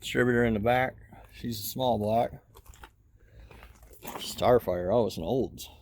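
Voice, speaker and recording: A man's voice: mid-range voice, a little slow, a little hiss or hum. A man giving casual walk-around commentary at an outdoor junkyard, muttering running remarks to himself as he browses. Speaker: car hobbyist vlogger.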